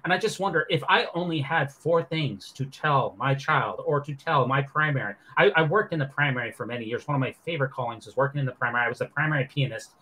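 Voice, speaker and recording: A man's voice: mid-range voice, sharp tone, breathy edge. A man hosting a podcast, running through the news with sarcastic commentary. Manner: sarcastic, fast-talking. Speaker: podcast host.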